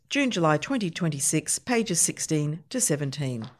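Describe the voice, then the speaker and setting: A woman reading short humorous anecdotes aloud for a radio reading service, steady with a light, playful touch on the punchlines. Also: lowish voice, moderate pace. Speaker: reader of humor pieces.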